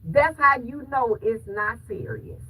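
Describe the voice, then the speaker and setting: A woman's voice: fairly high pitch, animated, unhurried, husky. A woman vlogger talking casually to her viewers about faith. She speaks in an emphatic, preachy way and repeats phrases for stress. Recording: distant mic with loud background noise.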